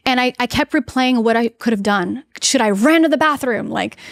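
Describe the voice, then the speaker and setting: A woman guest earnestly telling a personal story in a podcast interview, halting often with restarts and fillers. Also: a little high, no echo.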